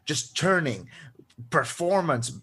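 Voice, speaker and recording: A man's voice: a little high, lively intonation, slow pace, fairly bright tone, breathy edge. A man co-hosting a podcast, chatting casually about a film, rambling with restarts and frequent laughs. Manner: rambling, many restarts and fillers, laughs often. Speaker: podcast co-host. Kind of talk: casual film review chat.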